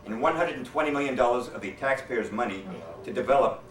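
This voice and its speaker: A man doing a stand-up routine, telling jokes with deadpan setups and quoted character voices. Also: mid-range voice, quick pace, slight background noise. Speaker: stand-up comedian. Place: hotel meeting room. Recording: echoey hall from far off. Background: audience laughter.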